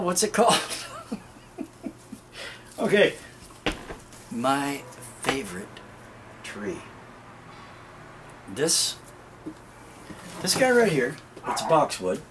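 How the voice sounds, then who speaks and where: A medium-pitched man hosts a casual outdoor garden vlog in show-and-tell style, with background noise audible. He rambles to his viewers and chuckles often as he talks.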